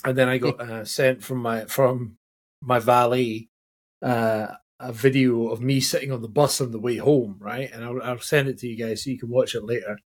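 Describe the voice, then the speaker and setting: A man's voice: mid-range voice, steady tone, moderate pace, slightly rough. A Scottish man co-hosting a podcast, telling jokey stories in casual chat and laughing often. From Scotland. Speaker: podcast co-host.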